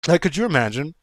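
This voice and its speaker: A man's voice: medium pitch, vocal fry, dry recording, clean studio sound. A man reading viewer-submitted horror stories aloud and mocking them, laughing and swearing between lines. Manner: laughing, profane, mocking commentary. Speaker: creepypasta reader.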